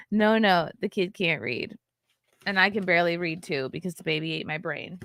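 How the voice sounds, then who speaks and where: A woman's voice: on the low side, moderate pace, vocal fry, fairly bright tone, no echo. A woman in her thirties hosting a casual livestream, gushing and chatty with lots of fillers. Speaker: livestream host.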